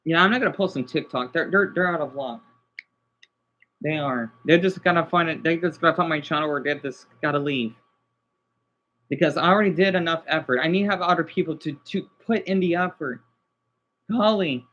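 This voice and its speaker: A man's voice: fairly high pitch, fairly quick, fairly bright tone, highs cut off. A man livestreaming in casual chat, agitated and swearing as he talks to his viewers.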